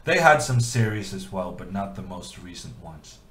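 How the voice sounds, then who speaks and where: A man's voice: sits low, lively intonation, normal speed, fairly bright tone. A man streaming chess, thinking aloud in a casual, self-deprecating way with many fillers. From Norway. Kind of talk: casual live-stream commentary. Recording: echoey room.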